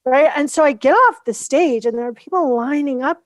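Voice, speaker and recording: A woman guest in a casual interview, telling her story in an animated way and acting out the lines people said to her. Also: high-pitched, fairly quick, no room sound. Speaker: guest, founder of a coaching method.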